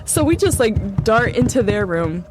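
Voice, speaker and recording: A woman's voice: mid-range voice, big pitch swings, a little slow, over music. A young woman casually recounting a true ghost story in a chatty way, full of "like" and "um" fillers. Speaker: guest storyteller.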